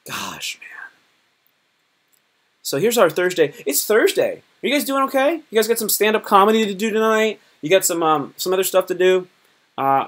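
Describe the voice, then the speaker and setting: Joking, rambling male live streamer. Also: on the high side. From Virginia, United States. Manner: playful, rambling, slangy, joking. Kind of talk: casual live-stream chat.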